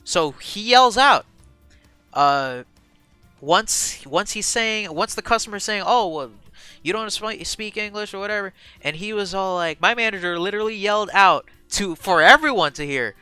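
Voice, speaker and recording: A young man streaming to a live chat, telling a casual, slangy and profane story, animated and excitable, swinging from mumbled asides to loud bursts. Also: sits high, normal speed, smooth, dry recording, soft background music. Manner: slangy and profane, full of fillers.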